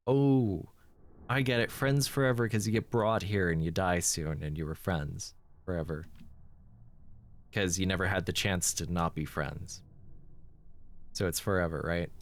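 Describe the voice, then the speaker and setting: A man's voice: deep voice, steady tone, measured pace, long pauses. Congested man with dry, sardonic humor. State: congested sinuses. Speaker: let's play host. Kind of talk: horror game commentary.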